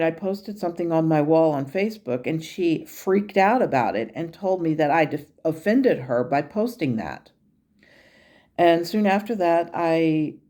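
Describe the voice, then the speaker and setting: Low, mellow-voiced woman recounting a meditation. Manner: candid, conversational storytelling. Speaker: meditation channel host.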